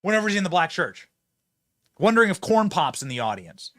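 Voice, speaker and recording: Male commentator, mocking and sarcastic, bright tone, very animated delivery, dry sound. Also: sits high, fairly quick, dry recording. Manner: mocking, sarcastic, laughs often. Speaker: political show host. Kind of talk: opinionated political commentary.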